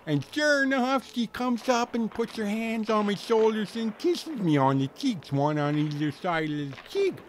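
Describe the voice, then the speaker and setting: A man's voice: high-pitched, animated, normal speed, few pauses, slight background noise. A man playing a folksy, rambling storyteller, filling his comic tall tale with slang and fillers. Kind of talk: comic character monologue.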